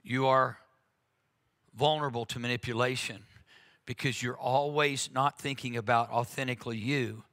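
A man's voice: medium pitch, steady tone, moderate pace, a bit bright. A man preaching a conversational sermon, talking earnestly and frankly, with frequent "uh"s and restarts.

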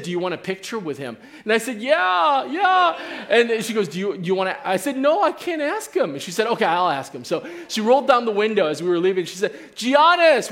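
Middle-aged guy preaching, high-ish voice, lively storytelling, keeps saying okay. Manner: animated storytelling with frequent "okay?" check-ins. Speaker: pastor. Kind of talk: sermon. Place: church sanctuary.

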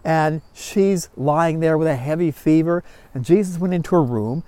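A man teaching a Bible class, telling stories in a folksy, animated way with frequent chuckles. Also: a little high, normal speed, smooth, no echo. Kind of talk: storytelling Bible lesson.

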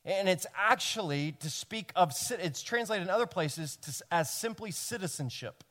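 A man from Tennessee with a Southern accent, preaching a sermon as pastor, earnest and animated, building to emphatic peaks. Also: sits high, normal speed, big-room sound. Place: church sanctuary.

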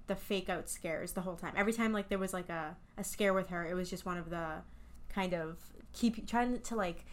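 A young woman co-hosting a podcast, speaking in casual chat with hesitant, quiet remarks. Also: lowish voice, fairly quick. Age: young adult. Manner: quiet, hesitant, adds short remarks and backchannels. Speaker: podcast co-host. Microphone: video call.

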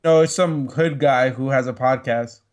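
A man's voice: medium pitch, normal speed. A man co-hosting a casual podcast, talking loosely with lots of fillers and profanity. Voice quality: loose, rambling speech full of fillers and profanity. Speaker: podcast co-host. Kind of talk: casual chat.

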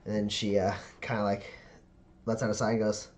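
A man's voice: fairly low pitch, flat delivery, brisk, darkish tone. A man running a tabletop game as game master, narrating loosely with many fillers.

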